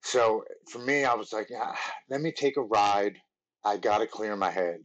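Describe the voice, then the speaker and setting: A man in his forties from Maryland, a podcast guest telling his recovery story in an earnest, halting way, often restarting his words. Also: lowish voice, highs cut off. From Maryland, USA.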